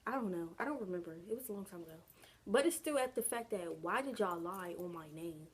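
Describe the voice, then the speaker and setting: A woman's voice: fairly low pitch, lively intonation, fast talker, breathy edge. Young woman telling a story, chatty and slangy. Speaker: vlogger. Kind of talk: casual storytime vlog.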